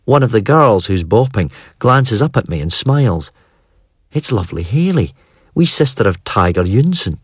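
Deep-voiced male narrator. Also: sing-song, moderate pace, slightly rough, no echo, clean studio sound. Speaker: audiobook narrator. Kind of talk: first-person audiobook narration.

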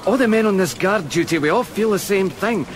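A man's voice: sits high, lively intonation, brisk, background noise. A man playing a nervous royal guard. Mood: uneasy. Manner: deferential, nervous, keeps saying sir. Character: uneasy young royal guard soldier. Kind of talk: radio drama acting.

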